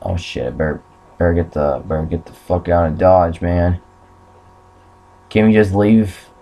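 A man's voice: low-pitched, steady tone, measured pace, mellow. A young man commenting on a horror game playthrough, swearing often and yelping when startled. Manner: swears a lot, jumpy and startled. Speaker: gamer.

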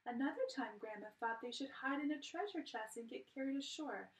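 Woman teacher reading a kids story, lively, echoey room. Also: sits high, a little fast. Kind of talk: children's story read-aloud. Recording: roomy, from a distance.

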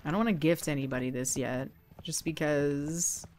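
A woman's voice: low voice, moderate pace, a little mellow. A woman giving casual, chatty gameplay commentary, giggling often and talking to the game's characters, a little sniffly from a runny nose. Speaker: let's play gamer. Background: faint game music.

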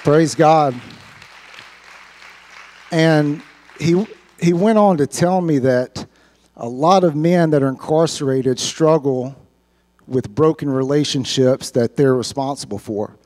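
A man's voice: on the high side, takes it slowly, long pauses, dark tone, some chatter behind. Earnest man giving church testimony. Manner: earnest, heartfelt, repeats words when moved. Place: church sanctuary.

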